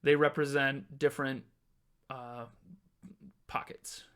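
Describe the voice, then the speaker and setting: A man narrating a tabletop game as game master, animated and laughing often. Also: medium pitch, takes it slowly.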